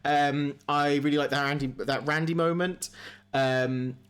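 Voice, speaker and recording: A man's voice: a little high, unhurried, smooth. Chatty man hosting a gaming podcast. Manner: animated storytelling, swears freely, many fillers. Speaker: podcast host. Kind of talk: casual chat.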